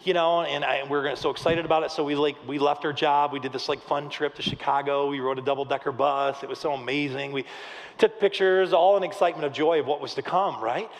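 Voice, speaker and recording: High-voiced pastor in a reverberant church hall. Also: male voice, fast talker. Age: 30s. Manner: lively storytelling, acts out quotes, jokes with the congregation. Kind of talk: sermon. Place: church auditorium, live service. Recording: long reverb of a large hall.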